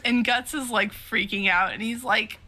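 A woman's voice: a little high, normal speed, a loud crowd. A woman co-hosting a podcast, casually recapping a manga, laughing often and acting out characters' lines. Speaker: podcast co-host.

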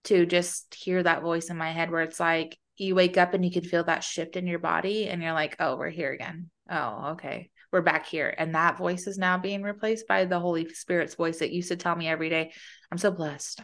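Earnest lower-voiced woman. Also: fairly even intonation, fairly quick, hardly any pauses. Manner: earnest, open, soft when sharing. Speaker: podcast co-host. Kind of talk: casual faith chat.

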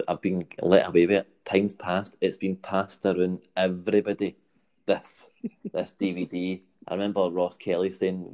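A Scottish man tells a story in a loose, rambling way, checking in with his listener as he goes. His voice is very low and mellow, with a soft, dark tone. It sounds like an easygoing podcast chat. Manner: rambling anecdotal delivery with frequent "right?" and laughs.

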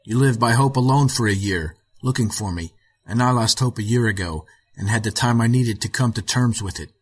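A man reading aloud voices a weary aging male physicist who speaks in a flat, rough way. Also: mid-range voice, fairly quick, close to an everyday voice.

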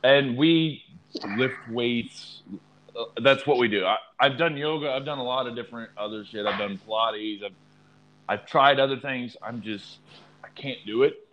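A man co-hosting a comedic podcast, chiming in with quick jokes and sound effects in casual banter. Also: mid-range voice, a bit bright, slight background noise, low-quality recording. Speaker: podcast co-host.

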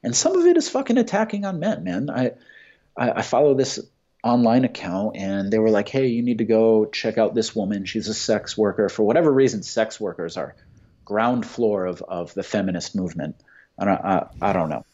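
Casting: plain-spoken man with a low voice, swears freely, emphatic, muffled lo-fi recording. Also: animated, normal speed, warm tone. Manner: blunt, profane and emphatic. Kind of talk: casual opinionated chat. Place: Santa Monica. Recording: dull lo-fi sound.

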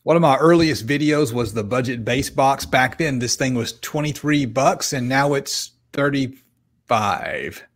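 A man's voice: mid-range voice, animated, a little slow. A man hosts a live stream podcast in an easy, chatty way. He pokes fun at himself and reads viewer comments aloud as he goes. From American South. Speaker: podcast host. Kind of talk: casual live-stream chat.

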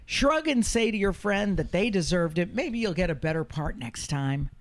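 A woman's voice: lowish voice, animated, normal speed. A woman comic hosts a casual podcast chat, blunt and full of jokes. She swears freely and talks about herself without holding back. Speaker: podcast host.

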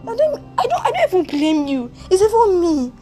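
A woman voicing a betrayed young Nigerian woman in a one-woman comic drama, shrill, tearful and scornful. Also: sing-song, brisk, warm tone, soft background music. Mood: tearful hurt. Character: betrayed young woman, angry and heartbroken fiancée.

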